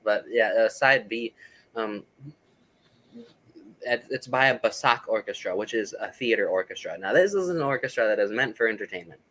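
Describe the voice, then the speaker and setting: A man speaks in a bright, forward voice, rambling eagerly through his explanations. He stumbles and restarts often, filling pauses with ums. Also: lowish voice, lively intonation, low-quality recording. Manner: rambling, filler-heavy, enthusiastic explaining. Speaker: guest, record collector. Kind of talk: casual interview chat.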